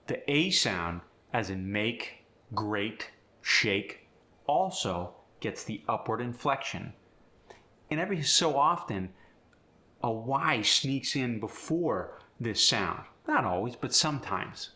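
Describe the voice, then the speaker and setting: A male accent coach who talks in a slow, measured way. His voice has a bright, forceful edge. He explains one sound change after another and then reads out a model sentence. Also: medium pitch, sing-song. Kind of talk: accent tutorial.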